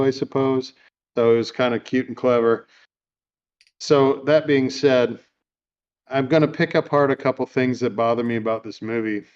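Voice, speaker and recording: A man's voice: mid-range voice, smooth, lo-fi sound. Easygoing man recapping a movie. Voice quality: easygoing, rambling with many fillers. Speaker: podcast host. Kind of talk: casual movie recap chat. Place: home room.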